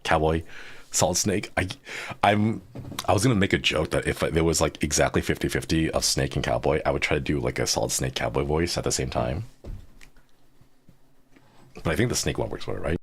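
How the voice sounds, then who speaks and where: A man streaming a story game live, chatting excitedly with his viewers and reacting to the plot. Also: rumbling low, a little fast, creaky, pauses often, slight background noise. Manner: excitable and chatty, talks to chat while reading game lines.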